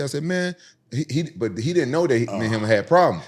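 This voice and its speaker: A man from Memphis, a podcast guest telling profane, animated stories about street fights and jumping high in pitch to quote other people. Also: quick pace, crowd noise. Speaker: podcast guest, former UFC champion. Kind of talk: casual storytelling.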